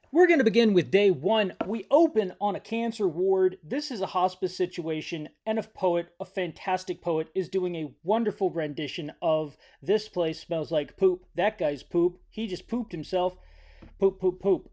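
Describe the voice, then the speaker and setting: Lively, rambling comedic movie-recap host. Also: medium pitch. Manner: rambling and joking, with self-corrections.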